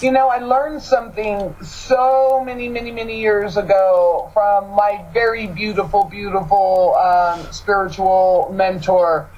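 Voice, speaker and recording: A woman's voice: mid-range voice, fairly even intonation, a little slow, few pauses, a little mellow, muffled recording. A woman hosting a radio show, talking in an earnest, emphatic way and often repeating words for stress. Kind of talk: casual spiritual chat.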